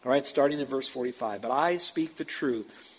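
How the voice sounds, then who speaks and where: A man's voice: medium pitch, moderate pace, slightly rough, low-quality recording. A man preaching a sermon as pastor, talking straight to his congregation and repeating words for emphasis. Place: church sanctuary with a screen.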